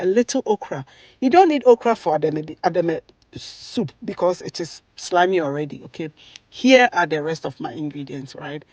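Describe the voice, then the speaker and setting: A Ghanaian woman talks viewers through a recipe in a relaxed, chatty way, checking in with a quick "okay?" or "right?" after almost every step. The sound is dry and close, with no room echo. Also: fairly low pitch. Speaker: cooking vlogger. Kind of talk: chatty cooking tutorial.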